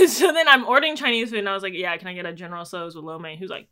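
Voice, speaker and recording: A woman's voice: fairly low pitch, very fast, pushed and bright. A woman in casual chat, animatedly telling stories and acting out exchanges, swearing freely.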